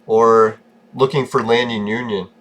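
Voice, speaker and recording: Guy ranting over a video game, swearing constantly, short fuse, mid-pitch voice. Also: steady tone, unhurried, a bit bright. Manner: profane, ranting, easily irritated. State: short-tempered. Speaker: gaming vlogger. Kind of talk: casual gameplay commentary.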